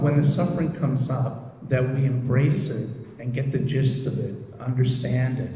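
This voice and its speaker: A man who leads meditation groups, giving a gentle, reflective talk with many pauses and fillers. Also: mid-range voice, a little hiss or hum. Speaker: meditation group leader and therapist. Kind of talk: recorded presentation. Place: lecture room. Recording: echoey hall, distant mic.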